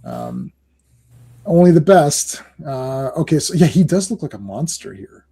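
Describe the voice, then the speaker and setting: A man hosting a comic book podcast in casual chat, excitable and rambling, often laughing and restarting his sentences. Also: fairly high pitch, measured pace, creaky, breathy edge.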